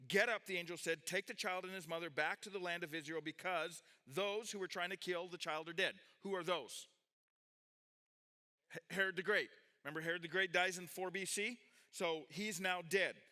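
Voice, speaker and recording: A man leading a sermon with a high, bright voice. He reads scripture, breaks off to explain, and asks his listeners questions, restarting his sentences as he goes. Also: moderate pace. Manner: animated, with restarts, questions to the audience. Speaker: pastor teaching a youth group. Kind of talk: sermon with Bible reading.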